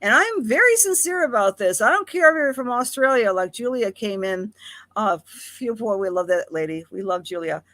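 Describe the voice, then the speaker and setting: A woman's voice: on the high side, animated, normal speed, fairly bright tone, dry recording. Chatty Buffalo-accented woman astrologer. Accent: Buffalo, Western New York. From Buffalo, New York. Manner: chatty and affectionate, greets viewers by name, calls them honey and darling. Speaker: astrologer host. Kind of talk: live-streamed astrology talk.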